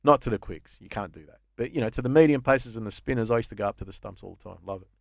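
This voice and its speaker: A man's voice: fairly low pitch, rapid-fire, creaky, no room sound, studio quality. An Australian man in his fifties, a comedian and podcast guest, telling rambling stories with plenty of swearing in a casual chat. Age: 50s.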